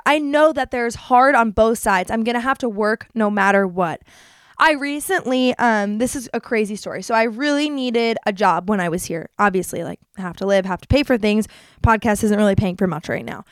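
A woman's voice: fairly high pitch, normal speed, clean tone, dry recording, studio quality. A young woman hosting a podcast, talking candidly and casually about her life, with a chatty manner. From New Jersey. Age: young adult. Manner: chatty, candid, lively with quoted voices. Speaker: podcast host. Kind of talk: casual confessional monologue.

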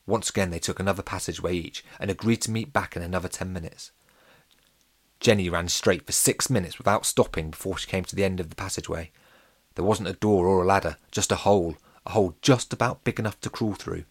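A man narrating a children's adventure story in a steady, gently expressive way. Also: sits low.

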